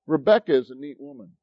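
A man preaching a sermon as pastor, telling stories in an animated, emphatic way. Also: medium pitch, slightly rough, dry recording. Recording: dull lo-fi recording, dry.

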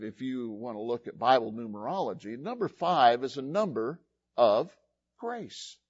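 A man preaching a sermon, folksy and animated, telling stories and quoting scripture. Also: a little high, dry recording, lo-fi sound. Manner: animated, folksy storytelling with laughs and quoted voices. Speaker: pastor.

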